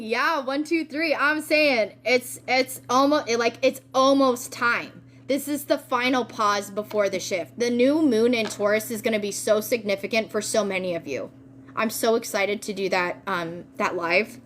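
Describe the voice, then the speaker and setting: A woman giving a casual spiritual tarot reading, excitable and slangy, swearing freely. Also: fairly high pitch, measured pace, slight background noise. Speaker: tarot reader.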